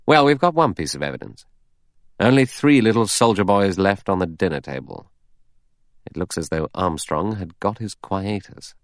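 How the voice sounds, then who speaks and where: A man voicing a cool, sardonic adventurer in an audiobook, brisk with sharp retorts. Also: low voice, expressive, dry recording, clean studio sound. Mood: matter-of-fact.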